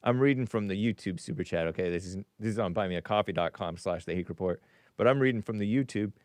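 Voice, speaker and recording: Talking fast in a fairly low-pitched voice, a man hosts a call-in talk show as a podcaster, reading super chats and rambling in an animated, casual monologue that he keeps interrupting and restarting. The sound is clean studio quality with no room sound.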